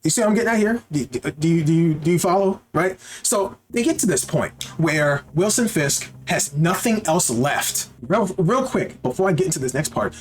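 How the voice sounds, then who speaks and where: A man giving casual gaming commentary, animated and profane, often repeating rhetorical questions. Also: fairly high pitch. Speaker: gaming YouTuber.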